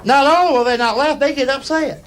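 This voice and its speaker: Audience laughter and crowd noise fill this live club recording of a middle-aged American stand-up comic storytelling on stage. Through a stage mic, he speaks in a very high voice, a little fast, with a folksy drawl.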